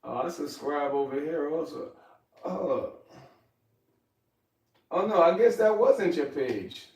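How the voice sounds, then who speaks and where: A man's voice: fairly high pitch, lively intonation, takes it slowly, creaky, darkish tone, echoey room, recorded from a distance. A young man hosting a casual livestream while he cooks, joking loosely and talking to his chat. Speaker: livestream host. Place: home kitchen.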